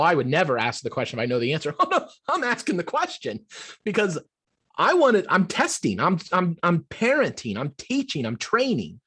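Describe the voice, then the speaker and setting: Earnest fatherly man, higher voice. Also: breathy edge. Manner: earnest, animated, with many restarts. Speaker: podcast guest, adoptive father. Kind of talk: conversational interview answer.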